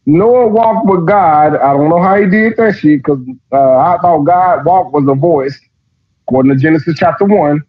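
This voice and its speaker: A man's voice: a little high, normal speed, lo-fi sound. Profane, sarcastic man with a raised voice. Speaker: podcast host. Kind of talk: mocking commentary while reading aloud.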